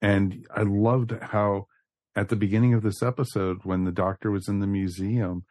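A man co-hosting a fan podcast, chatting casually, excited and blunt, sometimes swearing. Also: fairly low pitch, normal speed, dry recording, clean studio sound. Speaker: podcast co-host.

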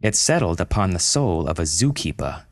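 A man voicing a middle-aged woman president who leads with steady, commanding authority in a told story. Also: low voice, normal speed, dry recording. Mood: explaining. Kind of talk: storytelling audio drama.

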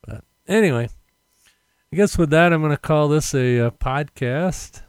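A man's voice: fairly high pitch, a little slow, clear, resonant tone, dry recording, studio quality. A man hosting his own podcast, talking casually and meandering with many fillers into a condenser mic. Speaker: podcast host. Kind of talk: casual rambling monologue. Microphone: condenser mic with headphones.

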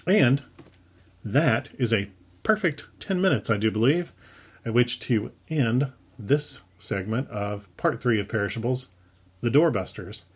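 A man reading his own story aloud in a wry, unhurried storytelling manner. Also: medium pitch, lively intonation, husky. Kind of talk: audiobook narration.

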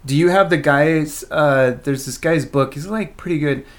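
Animated, laughing man in podcast chat. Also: on the high side, moderate pace. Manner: animated, laughs often, rambling.

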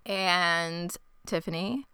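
Bright, clear-voiced woman podcast host. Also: on the low side, no echo, clean studio sound. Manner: chatty, teasing, quick reactions. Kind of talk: casual chat.

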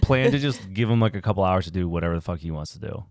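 A man's voice: low-pitched, expressive, racing, no room sound, clean studio sound. A young man co-hosting a podcast, casual and joking, blunt and sometimes swearing. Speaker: podcast co-host. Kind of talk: casual chat.

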